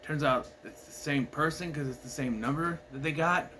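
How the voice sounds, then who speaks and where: A man's voice: fairly high pitch, normal speed, sharp tone, a little hiss or hum. A man casually recapping a horror movie at home, rambling with lots of fillers and restarts. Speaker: movie reviewer. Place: home with his dog asleep nearby.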